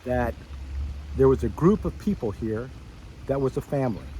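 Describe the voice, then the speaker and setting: A middle-aged man tells old classmates a story from his school years, wandering off into asides and correcting himself as he goes. He acts out his younger self's surprised reactions, and a faint noise sits behind the mid-pitched voice. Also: normal speed, low-quality recording. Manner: storytelling, acts out his own past reactions with rising excitement. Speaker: former student addressing a school reunion. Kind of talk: personal reminiscence to old classmates.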